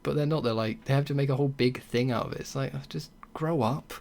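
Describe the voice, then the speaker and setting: A man's voice: mid-range voice, brisk, creaky, a little mellow. A young man hosting a casual solo podcast, talking bluntly with swearing and sarcastic mocking asides. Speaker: podcast host.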